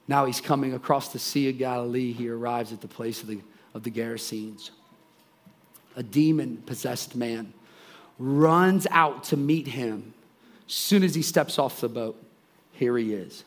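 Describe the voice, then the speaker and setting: A man preaching a sermon, retelling a story with lively voices for the people in it and big swings between soft and loud. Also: moderate pace, breathy edge. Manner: animated, acts out the characters' lines with swings in pitch and volume. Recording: soft guitar music behind the voice.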